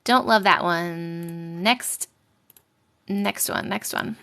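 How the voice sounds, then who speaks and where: A woman's voice: lowish voice, extremely slow, bright, forceful tone. A young woman hosting a casual live stream, chatting with viewers and reading their stories aloud, giggly and sometimes dropping to a whisper.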